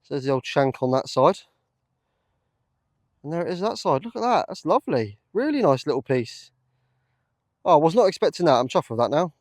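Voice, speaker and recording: A man talking casually to camera while metal detecting in a field, chatty and easily excited, with lots of fillers. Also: on the high side, normal speed, pauses often, no room sound. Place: open field outdoors.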